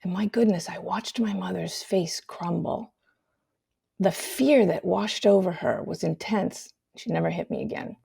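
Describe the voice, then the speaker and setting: An older woman speaks in a gravelly, mellow voice, a little low for a woman. She tells her own story candidly and at a measured pace, often sinking to a quiet hush on the painful parts. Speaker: host sharing her story. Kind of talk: personal storytelling, reflective monologue.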